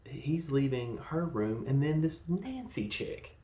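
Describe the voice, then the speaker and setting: A man in his thirties hosting a casual movie review, rambling and animated, slipping into quoted lines as he goes. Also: fairly high pitch, slow, echoey room. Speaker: podcast host reviewing films.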